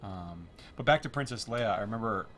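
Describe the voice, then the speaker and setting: Man, game developer commentary, lively storyteller, low-ish voice, noisy track. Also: a little fast. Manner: animated storyteller, acts out quotes.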